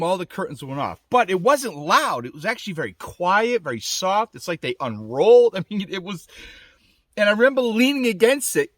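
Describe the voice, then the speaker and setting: Man, casual storytelling, animated, rambling, lively pitch, dry close sound. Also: dry recording. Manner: animated, rambling, lots of fillers and restarts. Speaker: gear reviewer telling his accident story. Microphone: small camera mic.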